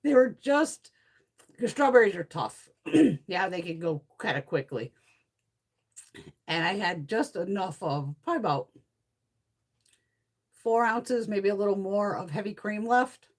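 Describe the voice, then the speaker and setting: A middle-aged beauty vlogger chats casually in a medium-pitched voice, taking a measured pace and pausing often. She tells animated stories, swearing freely and laughing a lot.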